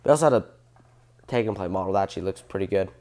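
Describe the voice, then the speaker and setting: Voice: low-pitched, lively intonation, very fast, warm tone. A train fan hosting a casual commentary video, talking enthusiastically in a rambling way and often stopping to correct themselves. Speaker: train fan channel host.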